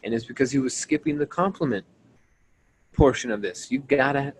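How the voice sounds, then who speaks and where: A man's voice: mid-range voice, normal speed, a little hiss or hum, low-quality recording. A man leading a team training call, coaching his listeners and checking in with them as he repeats his points. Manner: acts out sample conversations.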